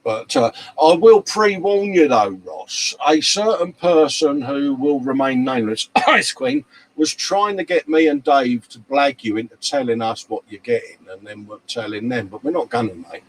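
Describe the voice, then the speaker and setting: This man, running a casual live show from his hobby workshop bench, has a medium-pitched, lively voice and moves at a moderate pace with hardly any pauses. Worn out from too little sleep, he still reads viewer comments warmly, addressing them as mate and love. The recording quality is low.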